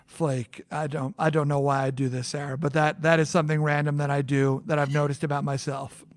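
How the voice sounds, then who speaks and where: Chatty host, high-voiced man. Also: flat delivery, brisk, dry recording, studio quality. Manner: chatty, self-mocking, rambling with restarts. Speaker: podcast host. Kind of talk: casual chat.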